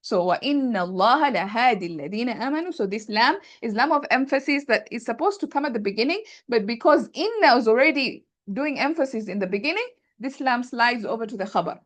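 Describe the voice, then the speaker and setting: A woman's voice: fairly high pitch, expressive, brisk. A woman teaching Arabic grammar in an online class, thinking aloud and often checking that students follow. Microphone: video call.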